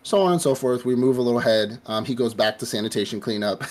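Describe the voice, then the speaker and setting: This podcast host talks fast in a medium-pitched, slightly dark voice with lively intonation. He's casually recapping an anime, rambling along with lots of swearing and filler words.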